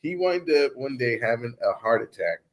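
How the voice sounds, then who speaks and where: A man spins a comic story in a casual chat, his pitch leaping and dropping as he acts out each scene. He talks at a middling pitch and keeps laughing between lines. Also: big pitch swings, moderate pace. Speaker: comedian telling stories.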